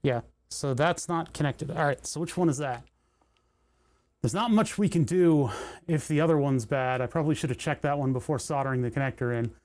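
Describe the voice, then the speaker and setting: A man talks his way through a soldering job on a livestream, rambling and tossing off little jokes as he works. His voice sits a touch high for a man but sounds dark and mellow. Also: a little fast. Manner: rambling, joking asides, thinking aloud. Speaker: livestream host building electronics. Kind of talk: casual livestream chat while soldering.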